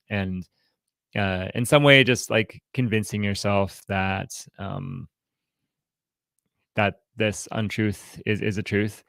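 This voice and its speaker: A man with a fairly low, gravelly voice gives an informal teaching talk to a counseling group. He speaks haltingly, often restarting and repeating words as he feels his way through each point. The sound is close and dry, with no room echo. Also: steady tone, a bit bright. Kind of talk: informal teaching talk with role-played examples.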